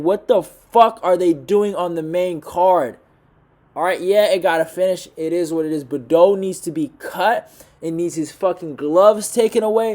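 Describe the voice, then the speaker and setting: A young man doing a casual fight recap on his channel, blunt and profane, now and then building into loud, fired-up rants. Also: fairly high pitch. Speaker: MMA commentator.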